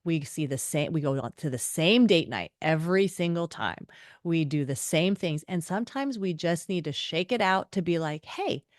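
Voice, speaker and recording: A middle-aged woman author, a guest on an interview, telling stories expressively and acting out quotes with big jumps in pitch. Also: expressive, normal speed, no room sound, studio quality. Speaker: author and podcast host, guest. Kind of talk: animated storytelling interview.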